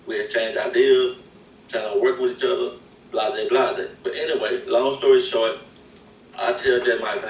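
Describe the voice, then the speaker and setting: A man casually telling a story in a laid-back, slangy, rambling way. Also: on the low side. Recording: echoey and distant with faint noise.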